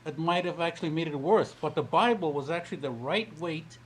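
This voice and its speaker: A man calling into an online discussion, joking in a deadpan way. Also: a little high, fairly quick, husky. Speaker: caller joining a live stream. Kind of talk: casual chat.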